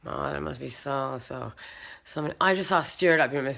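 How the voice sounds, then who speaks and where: This woman, once a stand-up comic, rambles quickly and quietly, poking fun at herself in a casual monologue. She has a low, creaky voice.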